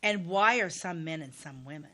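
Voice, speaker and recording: Chatty female co-host with a bright, punchy voice who jokes around easily. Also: fairly low pitch, expressive. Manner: chatty, laughs often, quick to joke. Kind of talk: casual chat.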